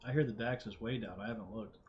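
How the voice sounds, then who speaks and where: A man's voice: on the low side, fast. A middle-aged man hosting a live trading stream in casual chat, talking offhandedly with plenty of swearing and mumbling asides. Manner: profane, offhand, mumbles under his breath. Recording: slightly dull audio with faint hiss.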